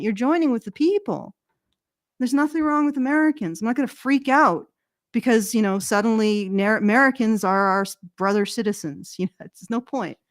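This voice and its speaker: A woman's voice: fairly high pitch, no echo, clean studio sound. A Canadian woman with a Canadian accent, a regular on a political commentary show, rambling casually and correcting herself as she goes. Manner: rambling, self-correcting, chuckles at own jokes.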